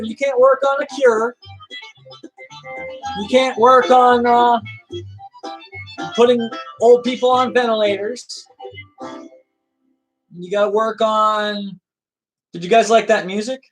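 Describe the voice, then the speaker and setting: A man's voice: high-pitched, fairly bright tone, poor audio. A man hosting a livestream in an earnest, lecturing way, reading viewer comments and answering them by name. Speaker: livestream host.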